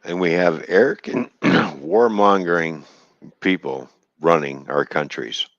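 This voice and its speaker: Stream host, deep male voice, bitter profane rant, dry and muffled recording. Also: lively intonation, a little slow, a bit bright, dry recording. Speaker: livestream host. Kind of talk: angry livestream rant.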